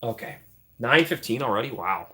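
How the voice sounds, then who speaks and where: Man, streamer, casual live chat, jokey asides, bright tone. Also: mid-range voice, expressive, normal speed, a little hiss or hum. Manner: jokey, thanks chat often, trails off into asides.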